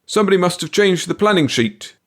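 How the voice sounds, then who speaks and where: A man voicing a nervous male planner who speaks in a hurried, defensive way. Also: sits high, animated, fairly bright tone, voice pushed up.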